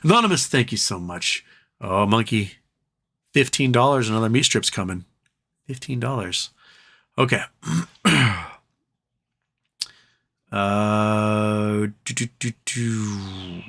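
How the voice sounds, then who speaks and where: A man's voice: fairly low pitch, takes it slowly, long pauses, fairly bright tone. A man hosting a casual livestream, reading viewer comments aloud and riffing on them in a loose, joking, profane way. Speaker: livestream host.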